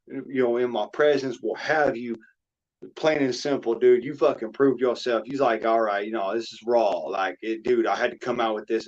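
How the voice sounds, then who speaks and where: His medium-pitched, darkish voice drawls through a dull lo-fi mic as he hosts a chat panel on stream. The talk is casual and emotional, meandering, heavy on cursing and repetition.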